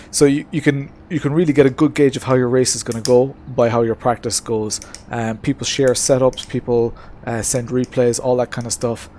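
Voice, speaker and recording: A man chatting casually on a live stream from his home racing setup, relaxed and talkative, answering chat with many hesitations. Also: mid-range voice, a little hiss or hum. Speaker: streamer racing in a sim-racing league.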